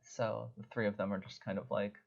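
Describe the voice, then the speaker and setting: Low-voiced male game master, lo-fi. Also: flat delivery, a little fast, vocal fry. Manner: casual, rambling, many fillers. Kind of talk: narrating a tabletop game. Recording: dull lo-fi audio.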